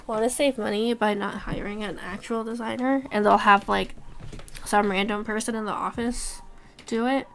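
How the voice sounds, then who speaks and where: A woman streamer in her thirties talks casually while she edits, ranting and swearing about work. Her voice sits a little high and has a gravelly, fried edge. Faint music plays behind her. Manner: ranting, swearing, laughing through stories. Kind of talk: casual chat while editing.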